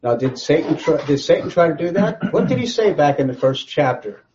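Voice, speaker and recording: A man's voice: fairly high pitch, animated, brisk, darkish tone, slight background noise. A man teaching a Bible study in a conversational, rambling way, often restarting his sentences. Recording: slightly dull lo-fi recording.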